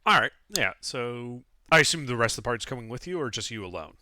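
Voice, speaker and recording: A man narrating a tabletop game as game master in a relaxed, descriptive way. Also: medium pitch, fast talker, no room sound, studio quality.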